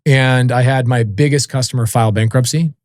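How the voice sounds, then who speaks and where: A man's voice: mid-range voice, steady tone, fairly quick, darkish tone, no room sound, clean studio sound. A man in his forties, a podcast guest telling stories casually and animatedly, acting out the voices of people he quotes and swearing offhandedly. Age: 40s. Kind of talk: casual storytelling interview.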